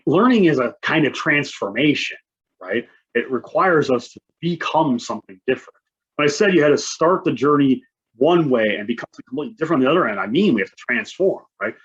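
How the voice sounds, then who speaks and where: A man gives a conference talk in a relaxed, conversational way, checking in with the audience through constant "right?" tags. His voice is husky. The recording sounds muffled and lo-fi. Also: medium pitch. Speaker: conference presenter. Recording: dull lo-fi sound.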